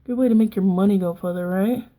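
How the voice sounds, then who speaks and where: A woman's voice: mid-range voice, fast, dark tone, low-quality recording. A woman in her thirties with a Southern accent, chatting and rambling through a casual makeup tutorial. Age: 30s. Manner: chatty, rambling, self-deprecating. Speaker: makeup vlogger.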